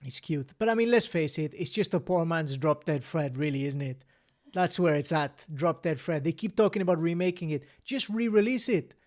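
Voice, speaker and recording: A man's voice: a little high, animated, normal speed. A man hosting a casual live-stream quiz, chatting, reading out answers and scores, and laughing often. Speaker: quiz host.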